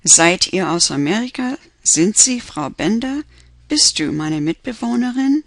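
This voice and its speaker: A man with a gravelly, slightly raised voice talks slowly through a beginner German lesson. He explains patiently and goes over every example again. The sound is dry and close, with no room echo. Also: high voice, very animated, a bit bright. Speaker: German teacher. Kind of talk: lecture over slides.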